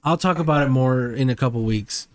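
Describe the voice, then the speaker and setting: A man's voice: mid-range voice, fairly quick, no room sound. A man co-hosting a podcast in casual chat, with laid-back, rambling phrasing and many hesitations. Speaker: podcast co-host.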